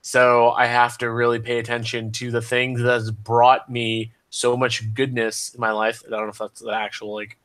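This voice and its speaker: A man's voice: medium pitch, completely flat delivery, normal speed, hardly any pauses, a bit bright. A man joining a casual video-call chat, joking and chatty. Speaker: participant.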